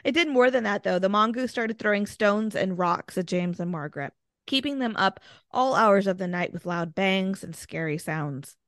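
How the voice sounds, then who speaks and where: A woman's voice: mid-range voice, normal speed, no echo. Chatty woman storyteller, dry close sound. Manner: animated, filler-heavy storytelling. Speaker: podcast co-host. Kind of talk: casual storytelling chat.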